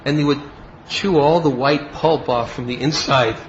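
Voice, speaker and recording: A man's voice: mid-range voice, moderate pace. A man leads a devotional class as a spiritual teacher, telling a story from start to end and lending his voice to the people in it. The recording is dull and lo-fi, with a faint hiss underneath. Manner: storytelling, acts out quoted speech.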